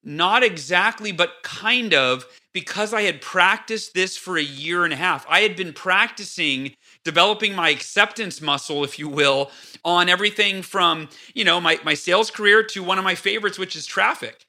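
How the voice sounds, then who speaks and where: A man with a high, very bright and forceful voice tells stories in a casual podcast chat. He acts out his own past outbursts with lively energy, then settles back into calm explanation. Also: normal speed. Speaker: podcast guest. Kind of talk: casual interview talk.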